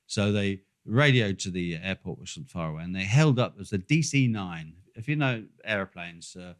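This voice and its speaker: A man's voice: deep voice, animated, moderate pace. An older man telling a long, rambling travel story in casual chat, swearing freely and full of fillers. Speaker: podcast co-host.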